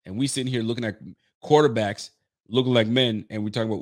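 A man's voice: medium pitch, moderate pace. A man hosting a casual sports podcast, joking and laughing as he riffs with his chat in slangy talk. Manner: talks to a live chat and audience. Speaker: podcast host.

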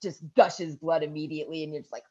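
A woman in her thirties co-hosting a podcast, casually retelling a movie scene by scene, swearing and shrieking the characters' yells. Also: low voice, fast, highs cut off. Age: 30s. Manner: animated storytelling with loud shrieks and swearing. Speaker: podcast co-host. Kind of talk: casual chat recapping a movie.

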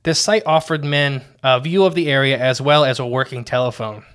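A man's voice: mid-range voice, brisk, fairly bright tone, smooth. Male podcast co-host, casual, reads from notes, stumbles and restarts. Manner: reads quotes aloud, restarts often. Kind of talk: casual chat, reading from notes.

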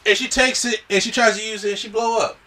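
Speaking fast in a high-pitched voice, this man is picked up by a distant mic. He hosts a podcast, chatting casually about a movie and animatedly performing the characters' dialogue as he recaps the plot.

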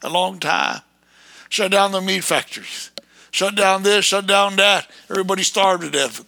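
A man ranting in a fiery, erratic preaching monologue, breaking into sudden shouted bursts. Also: high-pitched, moderate pace, vocal fry, no room sound.

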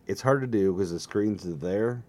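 Slightly hoarse man rambling to his webcam. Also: fairly low pitch, moderate pace, dark tone. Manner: self-mocking, jokey, drifts between topics. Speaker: solo vlogger. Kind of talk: rambling casual monologue to camera. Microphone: desk setup facing a webcam.

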